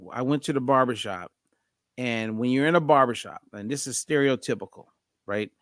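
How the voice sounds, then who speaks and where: A man hosting a podcast, telling a story in a lively, conversational way. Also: medium pitch, no echo, studio quality. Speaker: podcast host.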